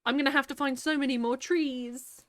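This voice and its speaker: A woman's voice: high-pitched, fairly even intonation, moderate pace, dry recording, clean studio sound. A woman streaming a game, chatting casually, reading her chat aloud and laughing often, sniffly and teary. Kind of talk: casual live-stream chat while gaming.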